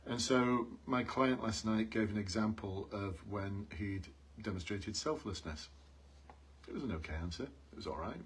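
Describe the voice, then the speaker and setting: Speaking at an ordinary pace in a lowish voice, this man runs a live stream coaching people applying for police jobs. He keeps calling out to viewers and earnestly repeating key points, over slight hiss or hum.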